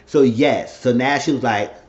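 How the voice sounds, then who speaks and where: A man casually recapping a TV episode in a chatty, animated retelling. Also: medium pitch, unhurried, lo-fi sound. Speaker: TV show recap vlogger.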